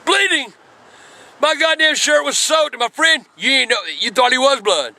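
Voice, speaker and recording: An older man, telling a profane story in a gruff voice and breaking into shouts. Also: extremely high pitch, lively intonation, normal speed. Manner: gruff, cursing, bursts into shouts. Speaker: grandfather telling stories.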